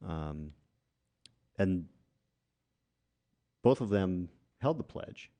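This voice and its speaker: A man's voice: low voice, expressive, very slow, dark tone. A man hosting a casual interview podcast, adding names and facts in a conversational way. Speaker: podcast host.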